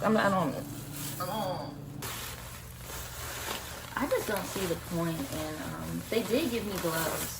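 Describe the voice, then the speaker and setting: A woman vlogging casually at home to her viewers, talking in an animated way full of dramatic exclamations. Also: fairly low pitch, slow, long pauses. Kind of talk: casual vlog talk to viewers. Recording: echoey room with loud background noise.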